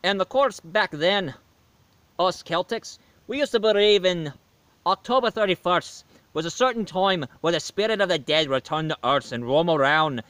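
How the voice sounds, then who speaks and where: A man's voice: high-pitched, expressive, moderate pace, fairly bright tone, no room sound. A man voicing a boastful, flirty male leprechaun in a put-on Irish brogue, jolly and chummy. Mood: storytelling. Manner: jolly, chummy, drops laddie and aye. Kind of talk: storytelling character voice.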